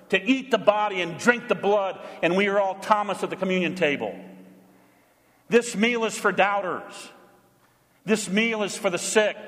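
A male pastor preaching a sermon, emphatic, moving between loud proclamation and quiet asides. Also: high-pitched, long reverb tail.

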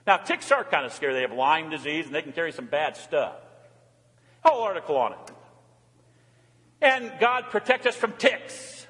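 High-voiced older preacher in a reverberant church. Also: male voice, big pitch swings, normal speed, long pauses, pushed and bright. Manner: earnest preaching, rising and falling emphasis. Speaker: pastor. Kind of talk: sermon. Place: church sanctuary. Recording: long hall reverb.

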